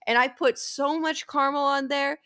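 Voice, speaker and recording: A young woman co-hosting a podcast, telling stories in a lively, profane, casual way. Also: high voice, normal speed. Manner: profane, animated storytelling. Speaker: podcast co-host. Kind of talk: casual chat.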